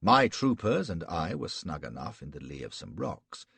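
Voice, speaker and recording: Gravelly, raspy low-voiced male narrator. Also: very animated, normal speed, fairly bright tone, no room sound. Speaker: audiobook narrator. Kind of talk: first-person audiobook narration.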